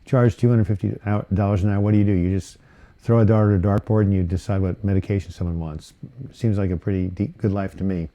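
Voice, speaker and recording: A man with a low, very dark and mellow voice hosts a casual live chat about mental health. He reads viewers' comments aloud and answers them in a rambling, conversational way, full of fillers and restarts. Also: steady tone, fast talker, dull audio. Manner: rambling, chatty, with frequent fillers and self-corrections.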